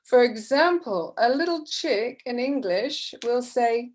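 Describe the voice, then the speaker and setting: A woman's voice: on the high side, expressive, takes it slowly, a little mellow. A woman teacher trainer explaining classroom methods in a patient, explanatory way, with frequent fillers. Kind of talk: online teacher-training talk.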